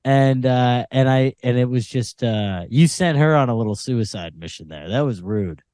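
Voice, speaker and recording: A man's voice: medium pitch, moderate pace, darkish tone, clean tone, no echo. Young man in laughing podcast banter. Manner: laughing often, dry teasing. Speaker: podcast co-host. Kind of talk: casual late-night podcast banter.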